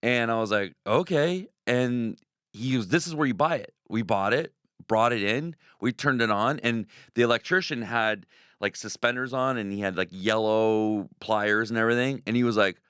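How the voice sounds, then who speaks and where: Casting: low-pitched man, haunted house owner, excitable storyteller, dry studio sound. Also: moderate pace, clear, resonant tone, dry recording. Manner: excitable, acts out quoted voices. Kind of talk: animated radio interview storytelling.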